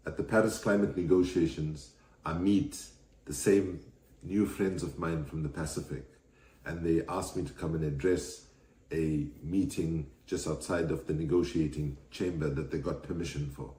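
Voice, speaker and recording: A middle-aged man from South Africa speaks in a very low, mellow voice. He delivers a keynote slowly and earnestly, pausing between phrases. The recording has a roomy echo around him. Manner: measured, earnest speechmaking with pauses. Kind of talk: recorded video address.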